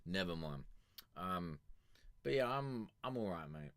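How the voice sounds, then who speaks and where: A young man rambles through casual stream chat, swearing and joking as he goes. His pitch swings up and down a lot. The mic is close and dry. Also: big pitch swings, a little slow, dry recording. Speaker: streamer reviewing music.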